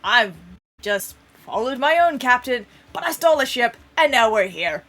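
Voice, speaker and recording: A woman's voice: a little high, very animated, normal speed, a bit bright. A woman voicing a spunky middle-aged halfling woman, a pirate captain, talking brashly and swearing. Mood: frazzled.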